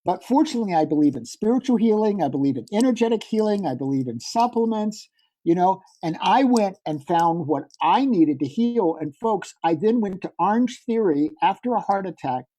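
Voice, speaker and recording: A middle-aged man, a podcast guest, telling a personal story in a lively way and acting out the dialogue. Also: high voice, brisk. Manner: animated, acts out quoted dialogue. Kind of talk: conversational storytelling.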